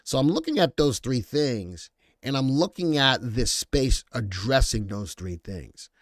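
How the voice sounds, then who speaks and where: A man hosting a live stock market commentary show, animated and joking as he reads viewer comments aloud. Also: mid-range voice, a little slow, no echo, studio quality.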